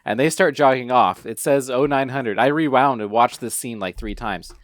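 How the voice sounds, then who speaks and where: A man in a casual movie podcast chat who mocks the film's plot holes with wry, sarcastic asides. His voice sits at a medium pitch. It sounds close and dry, with no room echo. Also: moderate pace. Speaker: podcast co-host.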